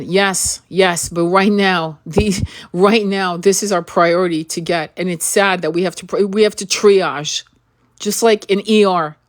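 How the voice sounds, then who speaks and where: Earnest woman pleading, with a cough. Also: fairly low pitch. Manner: earnest and pleading, with many repeated words and restarts; asks the listener direct questions. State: coughing with an irritated throat. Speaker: spiritual reader and channel host. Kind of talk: impassioned spoken monologue.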